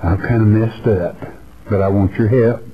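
A man's voice: on the low side, fairly even intonation, moderate pace, dull audio, a little hiss or hum. A man teaching the Bible verse by verse on a radio broadcast, earnest and repetitive, calling the listener his friend. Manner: earnest, repeats phrases, addresses listener as friend. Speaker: preacher.

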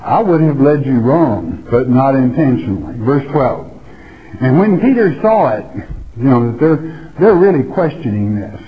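A man's voice: mid-range voice, sing-song, measured pace. A male pastor giving a folksy sermon, reading scripture aloud and rising in emphasis as he explains it. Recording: dull lo-fi recording.

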